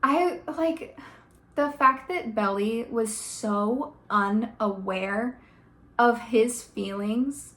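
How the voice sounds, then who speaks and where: A woman's voice: mid-range voice, slow pace, a bit bright. A woman vlogger giving casual, opinionated commentary, ranting emphatically with lots of "like" and "okay?". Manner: emphatic, rants with many "like" and "okay?". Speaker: vlogger reviewing a TV adaptation.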